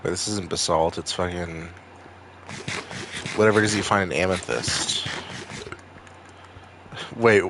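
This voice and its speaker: In casual stream chat over a video game, this Maine-accented man rambles and swears freely with his viewers. He speaks a little slowly with frequent pauses, in a low, somewhat bright voice with fairly even intonation, and there's slight background noise.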